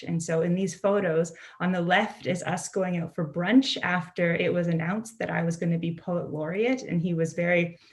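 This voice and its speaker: In a fairly low voice, a young adult poet and author from a Canadian Mi'kmaq community delivers an online presentation by video call. She keeps it earnest and conversational, regularly dropping in "you know" and checking "right?"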